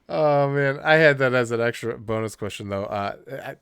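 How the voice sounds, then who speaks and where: A man co-hosting a casual podcast, chatting lively and acting out scenes in quoted voices. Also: mid-range voice, moderate pace, gravelly, smooth, dry recording, studio quality. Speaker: podcast co-host. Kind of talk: casual chat.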